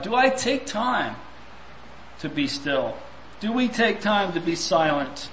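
A man's voice: high voice, animated, slow pace, a bit bright, reverberant, a little hiss or hum, poor audio. A man preaching a sermon, reflective and full of rhetorical questions.

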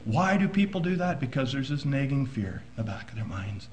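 A man preaching a sermon, swinging between hushed, low passages and loud, emphatic bursts. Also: big pitch swings, moderate pace, hardly any pauses, echoey room, poor audio.

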